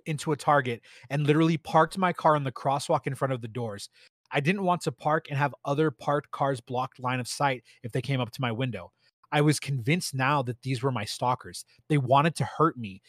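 A man reading a first-person story aloud in a steady, plain way, with a few small stumbles. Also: mid-range voice, dry recording, clean studio sound. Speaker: story narrator.

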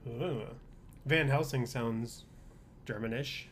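A man talks casually as a podcast co-host, rambling from point to point with wry, opinionated asides. His voice sits at an ordinary middle pitch. A faint hiss lies under the recording. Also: slow pace. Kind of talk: casual chat.

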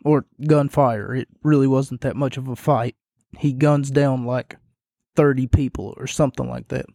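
A man hosting a casual solo podcast, talking in a monotone while losing his voice and sounding hoarse. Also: medium pitch, normal speed, no room sound, studio quality. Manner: monotone delivery. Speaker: podcast host.

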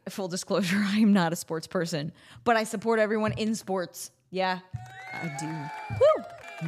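A chatty woman hosts a solo podcast, rambling casually and reacting with quick bursts of delight. Her voice swings widely in pitch, from low mutters to high squeals. Her delivery is loose and playful. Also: a bit bright. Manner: bubbly, chatty, with sudden high squeals of surprise. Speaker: podcast host.

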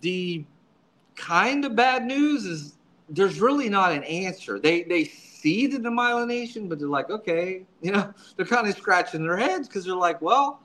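A man's voice: high voice, lively intonation, measured pace, a bit bright, low-quality recording. A man guest in an interview, a subdeacon telling his story in a casual, earnest way, often repeating words as he restarts his sentences.

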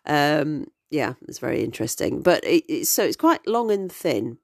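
A woman's voice: deep voice, very animated, moderate pace, darkish tone, no echo, clean studio sound. A woman in her forties, a podcast host telling stories in a chatty, digressive way with many ums. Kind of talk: casual storytelling.

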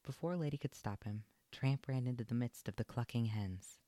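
A man's voice: medium pitch, normal speed, no room sound. Man reading a storybook aloud. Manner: expressive, storytelling lilt. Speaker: narrator. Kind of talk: storybook read-aloud narration.

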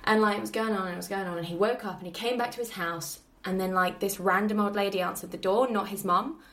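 A woman chatting casually about a film, animated and swearing freely as she acts out scenes. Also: medium pitch, quick pace. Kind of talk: casual film review chat.

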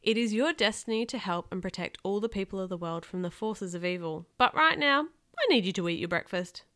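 A woman's voice: mid-range voice, expressive, fairly quick, bright, forceful tone. A woman reading aloud as a serious, caring mother, earnest and grave. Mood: firm.

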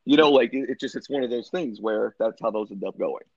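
A man's voice: mid-range voice, fairly quick, a little mellow, breathy edge, dry recording, dull audio. A man co-hosting a casual sports podcast, talking in a laid-back way and swearing freely. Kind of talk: casual chat.

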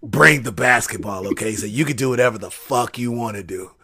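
Laid-back wrestler, deep mumbling drawl, unbothered, as a man impersonates him. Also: brisk, pushed and bright. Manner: low, murmured drawl. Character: laid-back low-voiced male wrestler, cool and unbothered.

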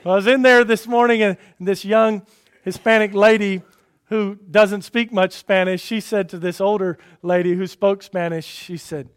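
Middle-aged guy pastor, kinda high voice, folksy sermon, gets loud then goes soft and quiet. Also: fairly even intonation, moderate pace, clear, resonant tone. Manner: folksy storytelling, swings between loud emphasis and quiet asides.

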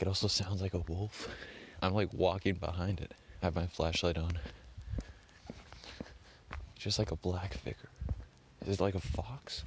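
Low-voiced young man rambling. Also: a little hiss or hum. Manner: rambling, swears a lot, heavy use of "like". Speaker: vlogger. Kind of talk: casual rambling vlog.

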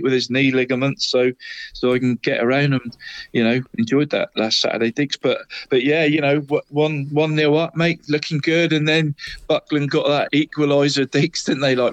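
A man's voice: mid-range voice, dry recording, lo-fi sound. Rambling man calling everyone mate. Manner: rambling, says "mate" and "Deeks" constantly. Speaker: co-host of a football podcast. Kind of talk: casual football chat.

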